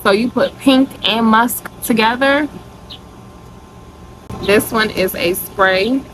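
A woman's voice: a little high, slow pace, fairly bright tone, slight background noise, poor audio. A woman vlogger chatting casually to her viewers in a product review, gushing and calling them y'all.

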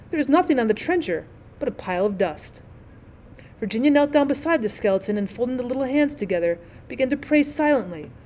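A woman's voice: a little high, a little mellow, slight background noise. A woman teacher narrating a classic short story as an audiobook, reading steadily and expressively.

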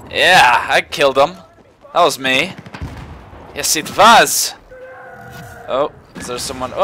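A man's voice: medium pitch, bright, forceful tone, a little hiss or hum. A man giving casual gameplay commentary in a put-on genteel accent, full of startled exclamations. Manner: jumpy, frequent startled exclamations; putting on a mock-genteel accent. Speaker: gaming commentator.

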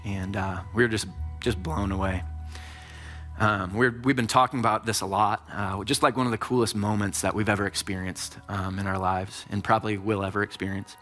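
A man's voice: fairly low pitch, steady tone, fairly quick, a bit bright, soft background music. A man preaching a sermon, telling a personal story in a casual, conversational way with lots of filler words.

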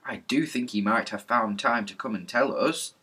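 An earnest, thoughtful schoolboy musing aloud to his friends, as a man reading the story puts him on. Bright in tone with a husky edge. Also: mid-range voice, moderate pace. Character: sensible eldest schoolboy, thoughtful.

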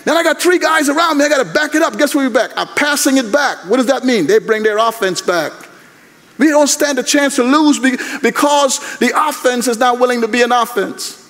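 An older man preaching a sermon in an animated, conversational way. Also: very high-pitched, brisk. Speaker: guest preacher. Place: large university chapel. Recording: long chapel reverb.

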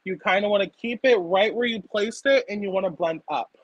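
A young woman chatting casually as she walks through a makeup tutorial on camera, full of fillers and quick to burst out laughing. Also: mid-range voice, dry recording, lo-fi sound. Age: young adult. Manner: chatty, filler-heavy, breaks into loud laughter. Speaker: makeup artist guest. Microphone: laptop or phone camera.

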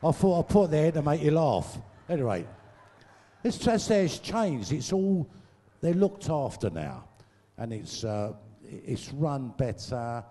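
An older man, a guest storyteller at a large live show, delivers crude, profanity-laced comic anecdotes into a stage mic and laughs at his own jokes. His voice is fairly high, warm and sing-song, and he speaks slowly in an echoey hall.

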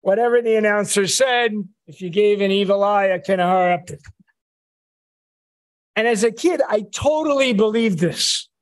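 Man, rabbi, high-pitched voice, wry chatty sermon, synagogue. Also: normal speed. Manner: conversational, wry storytelling. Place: synagogue sanctuary.

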